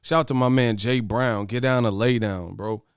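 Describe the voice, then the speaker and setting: A brash man riffing straight to his viewers, profane and mocking as he trash-talks a fighter. His voice sits at an ordinary pitch for a man, recorded close and dry with no room around it. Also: steady tone, moderate pace, smooth, no room sound. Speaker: host of a boxing commentary channel. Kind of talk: casual commentary to camera.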